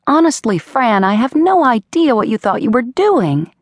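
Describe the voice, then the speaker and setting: A woman voicing an exasperated middle-aged mother who scolds in a shrill, exasperated tone, in an audiobook reading. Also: sing-song, normal speed, dry recording, clean studio sound. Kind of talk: audiobook character voice.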